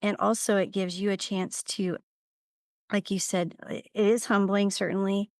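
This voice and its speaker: A woman co-hosting a podcast who speaks reflectively and agrees warmly with the others. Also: medium pitch, little pitch movement, normal speed, dry recording, studio quality. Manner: reflective, affirming. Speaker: podcast co-host. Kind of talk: casual conversation.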